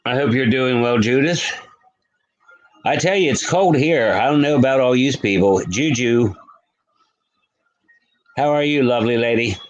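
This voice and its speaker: A man's voice: mid-range voice, moderate pace, pauses often, highs cut off. A man hosting a late-night live stream from home, chatting loosely and greeting viewers in the chat by name. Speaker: livestream host. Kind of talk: casual live-stream chat reading comments.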